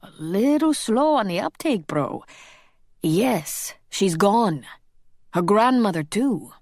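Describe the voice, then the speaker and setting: A woman's voice: medium pitch, lively intonation, slow pace, a little mellow, no echo, studio quality. A woman voicing a cocky young male shapeshifter who teases his friend in joking, slangy banter.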